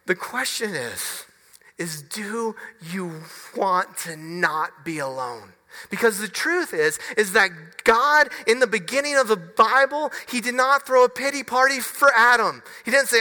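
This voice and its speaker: A male pastor delivers his sermon at an unhurried pace, earnest and halting, often breaking off and restarting words. His voice is bright and forward, and it rings with the long reverb of a church hall. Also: very high-pitched, lively intonation. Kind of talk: sermon with personal story.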